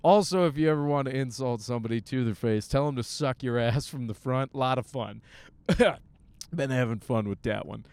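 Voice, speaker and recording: A young male comic rambles through a crude, jokey monologue on his way to the gym. His voice sits in a middle range, smooth and clean. The sound is close and dry. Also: normal speed, dry recording. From Michigan, USA. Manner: crude, jokey, animated with sudden high-pitched bits. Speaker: podcast host, stand-up comic. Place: riding a bus on the way to the gym.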